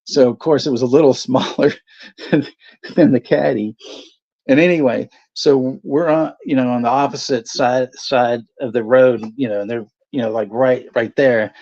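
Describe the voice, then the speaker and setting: Man, gravelly and low-fi, loose rambling storyteller who swears a lot, casual stream chat. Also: fairly even intonation, moderate pace, a little mellow. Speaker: channel host. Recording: dull lo-fi stream audio.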